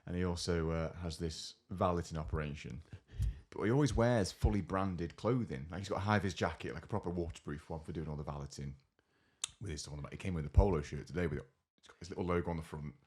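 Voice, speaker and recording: A man's voice: low voice, fast talker, darkish tone, husky. A man co-hosting a podcast, telling rambling, amused stories in casual chat. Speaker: podcast co-host.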